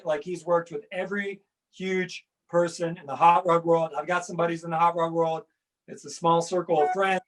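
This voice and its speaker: High-voiced guy hosting a chill podcast, laughs a lot, says stuff twice. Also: fairly bright tone, poor audio. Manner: laid-back, laughs often, repeats words. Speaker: podcast host. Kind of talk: casual chat.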